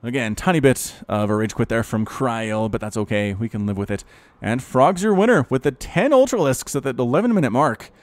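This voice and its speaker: Excitable man casting a strategy game. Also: mid-range voice, brisk, no room sound. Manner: excitable and chatty, prone to laughing asides. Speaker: esports shoutcaster and channel host. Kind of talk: live game commentary.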